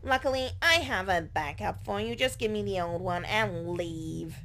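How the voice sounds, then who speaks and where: A woman's voice: mid-range voice, animated, moderate pace, a bit bright, slight background noise. A woman voicing a prim, formal female scientist agent who speaks in a stiff, clipped, proper manner.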